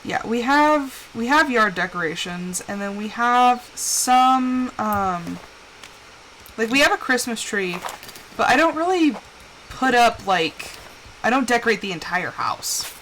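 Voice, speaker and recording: A woman's voice: fairly high pitch, lively intonation, a little slow, fairly bright tone, slight background noise, poor audio. A young woman chatting candidly while live-streaming a game, acting out quoted voices as she tells stories. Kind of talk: casual chat while gaming.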